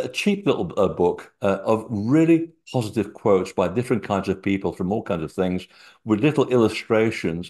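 Man, low voice, interview guest, rambling anecdotes, lots of ums and uhs. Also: darkish tone. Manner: rambling anecdotal storytelling with frequent fillers. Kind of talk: casual chat.

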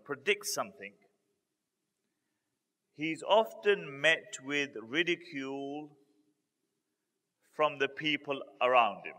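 A male preacher tells a religious story in a high, ringing voice. He repeats key points for emphasis and builds into lively retellings. His voice trails off in a long reverb, as in a large hall. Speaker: Islamic preacher.

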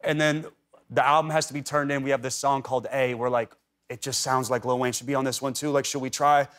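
A man's voice: medium pitch, steady tone, fast, fairly bright tone. Talk show guest, man, 30s, rambling anecdotes, casual TV studio chat. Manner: rambling storyteller, heavy on "like" and restarts.

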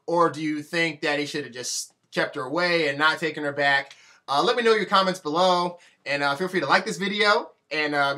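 Young guy ranting on his vlog, fed up and emphatic, bright sharp voice sitting a bit high. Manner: exasperated and emphatic. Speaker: vlogger. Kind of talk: ranting celebrity-news vlog.

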